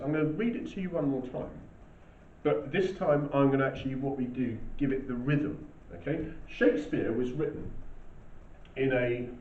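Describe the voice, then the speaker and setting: A man's voice: medium pitch, darkish tone. An English man teaching a school lesson, explaining step by step and often checking with "okay?". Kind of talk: classroom lesson. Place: classroom. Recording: distant, dull, roomy with faint hiss.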